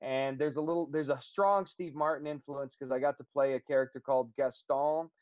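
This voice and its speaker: A man who does stand-up comedy, chatting casually in an interview and telling rambling, animated stories with fillers. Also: medium pitch, a little fast, dry recording, lo-fi sound.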